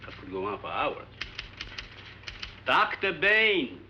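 A man's voice: medium pitch, big pitch swings, moderate pace, noisy background, close to an everyday voice. An actor playing an older research scientist and father, speaking in an earnest, lecturing way in a 1950s film. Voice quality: lecturing, emphatic delivery. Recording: muffled old film soundtrack with music.

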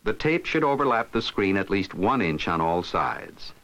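A man giving scripted narration for an instructional film, explaining steps in a steady, instructive way. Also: low voice, moderate pace, poor audio.

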